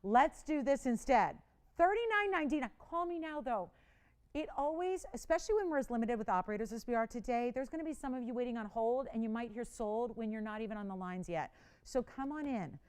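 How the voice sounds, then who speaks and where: A middle-aged woman selling jewelry on live television, talking in a smooth, resonant voice set a little above the usual for a woman. She pushes hard and repeats herself for emphasis. She drops into quiet, confiding asides, then climbs into loud, excited bursts. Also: on the high side, fairly quick. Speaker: shopping channel jewelry host. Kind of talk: live sales pitch.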